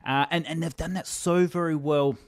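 A man's voice: a little high, fairly even intonation, normal speed. A man co-hosting a podcast, describing a toy collectible in casual, enthusiastic detail. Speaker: podcast co-host. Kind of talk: casual chat.

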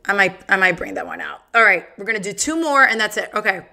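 A woman's voice: mid-range voice, animated, fast talker, creaky, pushed and bright. A woman hosting her own podcast, telling bawdy jokes in a giggly, self-mocking casual chat. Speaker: podcast host.

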